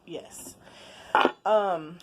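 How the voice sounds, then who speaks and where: A woman, chatting casually in a late-night home vlog, laid-back with quiet asides. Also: lowish voice, extremely slow. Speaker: vlogger. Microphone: camera on a stand.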